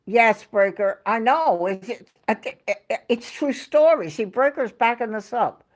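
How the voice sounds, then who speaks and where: A woman's voice: on the high side, slow, long pauses. A woman hosting a casual livestream from home, telling a rambling story and talking to her chat. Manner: rambling, chatty storytelling, reading out chat names. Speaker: livestream host.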